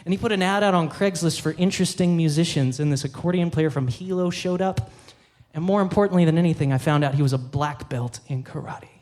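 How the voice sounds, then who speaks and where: During a live concert, a male violinist from the band stands on the theater stage and speaks into the mic, brisk and animated as he tells a story. Sudden pitch jumps mark the scenes he acts out.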